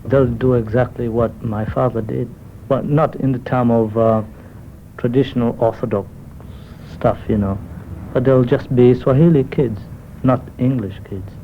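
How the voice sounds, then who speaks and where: A man's voice: medium pitch, fairly even intonation, a little slow, a little hiss or hum. Chatty Kenyan man, thin tinny sound. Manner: chatty, lots of "you know". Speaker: interviewee. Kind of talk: casual anecdote. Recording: thin phone-like 1970s radio recording.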